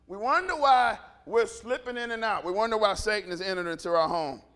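A middle-aged man preaching a sermon, animated, swinging from quiet asides to shouts and acting out dialogue. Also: high-pitched, a little fast. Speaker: pastor.

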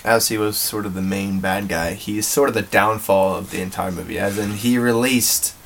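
A man co-hosting a podcast who talks in a dry, measured, slightly hesitant way in casual chat. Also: lowish voice, fairly even intonation, creaky, fairly bright tone, a little hiss or hum. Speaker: podcast co-host. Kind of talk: casual movie-review chat.

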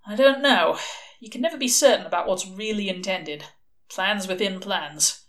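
A woman voicing a scheming male demon who talks in excitable, rambling bursts full of rising questions. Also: mid-range voice, moderate pace, natural voice. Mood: wry.

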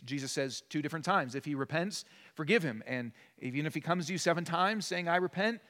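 A man's voice: mid-range voice, fairly bright tone. Earnest preacher man in a reverberant hall. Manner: earnest, emphatic, conversational preaching. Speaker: pastor. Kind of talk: sermon. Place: church sanctuary.

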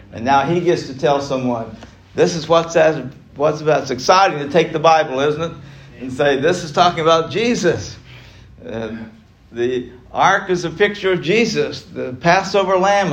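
Middle-aged man teaching a Bible class; somewhat high-pitched, emphatic delivery with frequent chuckles and repeated lines. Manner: emphatic, laughs often between points.

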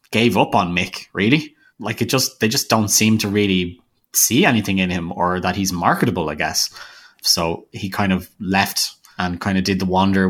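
A man co-hosting a casual podcast chat, talking in a relaxed, loose way full of hedges. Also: sits low. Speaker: podcast co-host.

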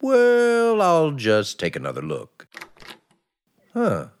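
An actor playing a fretful, bumbling husband whose pitch leaps when he gets nervous, in 1940s radio acting style. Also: wildly swooping pitch, takes it slowly, smooth, full character voice. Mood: flustered. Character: fretful middle-class husband, jumpy and bumbling.

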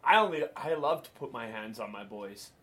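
A man's voice: mid-range voice, lively intonation, moderate pace, pushed and bright. Joking male podcast host. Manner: laughs a lot, joking and crude. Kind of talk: casual chat.

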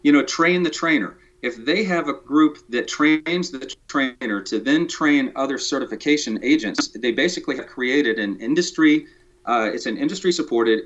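A man's voice: mid-range voice, fairly bright tone. A man, a guest on a podcast interview, talking casually in a joking way that turns detailed and technical. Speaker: podcast guest, tiny house builder. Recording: dull lo-fi sound.

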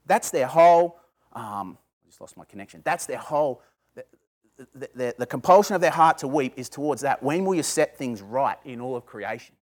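A pastor with a mid-range, lively voice preaches at normal speed to a small group. He speaks conversationally, asks his listeners questions, and builds to emphatic bursts.

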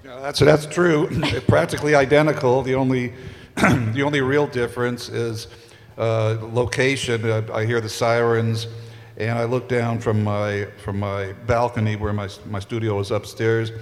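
A man's voice: fairly low pitch, level tone, a little slow. An older man composer on a convention panel, telling a story in a dry, matter-of-fact way. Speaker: panel guest, film composer. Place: large convention stage hall. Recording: reverberant stage hall.

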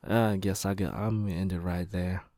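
Guy rambling slow on his podcast, gravelly low voice, dry close sound. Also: fairly even intonation, mellow, no echo. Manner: slow, reflective, rambling with pauses. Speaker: podcast host. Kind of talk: casual personal storytelling monologue.

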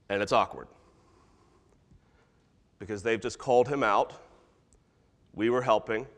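A man preaching a sermon, animated, acting out quoted voices as he goes. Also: medium pitch, in a large hall. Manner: animated, acts out voices of disciples and God. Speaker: pastor.

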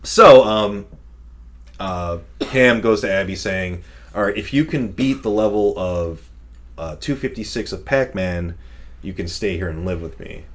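A man's voice: lowish voice, measured pace, a bit bright. Laughing, rambling man chatting casually. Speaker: podcast co-host reviewing a movie. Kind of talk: casual chat.

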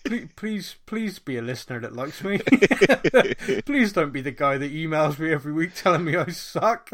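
A man's voice: on the high side, expressive, normal speed, fairly bright tone. A man from England, hosting a casual podcast chat in a jokey, self-mocking way and laughing often. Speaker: podcast host.

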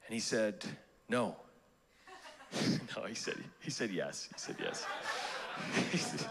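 A man's voice: fairly low pitch, very animated, measured pace, vocal fry, background noise. A pastor preaching a sermon, telling a personal story in a conversational way, laughing at himself and restarting his sentences. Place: church auditorium.

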